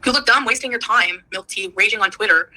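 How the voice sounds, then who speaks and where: A woman's voice: mid-range voice, fast talker, sharp tone, rough recording. A Canadian woman ranting defensively on a livestream, indignant and dismissive. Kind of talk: livestream rant.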